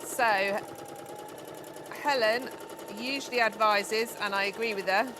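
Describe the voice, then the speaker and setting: A woman's voice: medium pitch, slow pace. A middle-aged woman talks through a sewing demonstration in a casual, chatty way. She laughs easily and keeps things conversational. A faint background noise sits under her voice. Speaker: guest crafter demonstrating sewing. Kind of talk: casual live shopping demo chat.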